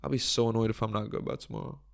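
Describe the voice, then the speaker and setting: A young man with a cold hosts his podcast alone, his voice low, hoarse and full of gravel. He rambles and jokes crudely in a loose, casual way. He is close on the mic, and the sound is dry. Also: steady tone, rapid-fire, dry recording. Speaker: podcast host. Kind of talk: casual solo podcast chat. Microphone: studio microphone, close.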